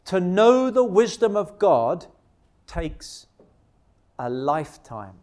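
Emphatic high-voiced male preacher. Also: big pitch swings, darkish tone. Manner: emphatic, rhetorical questions, slows for key words. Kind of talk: sermon.

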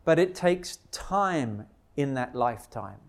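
A man preaching a sermon, emphatic and full of rhetorical questions, slowing down to stress key words. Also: medium pitch, expressive, vocal fry.

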